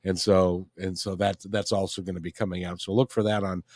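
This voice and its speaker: A man's voice: deep voice, level tone, brisk, darkish tone, no room sound, clean studio sound. A man hosting a talk radio show, chiming in with his own views and plugging an upcoming episode. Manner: chimes in with opinions, plugs his show.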